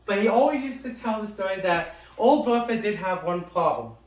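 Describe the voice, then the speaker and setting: A man telling funny family stories in casual chat, animated and swearing freely as he acts out the people in them. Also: sits high, brisk. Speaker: storyteller, co-host. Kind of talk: casual storytelling. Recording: echoey room, mic at a distance.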